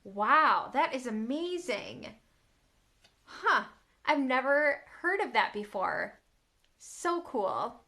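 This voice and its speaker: Excitable woman streaming live from home, high bright voice, gasps and giggles a lot, casual chat to viewers. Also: slow, long pauses. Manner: bubbly, excitable, gasping and giggling often. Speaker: artist hosting a live stream. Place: at home, on a couch. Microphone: camera on a tripod.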